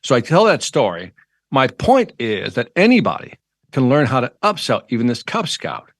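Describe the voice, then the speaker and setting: Animated storytelling man, dry close sound. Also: mid-range voice, normal speed, no room sound. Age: middle-aged. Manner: animated, acts out the dialogue in his anecdotes. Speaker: sales trainer and motivational speaker. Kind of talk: storytelling in an interview.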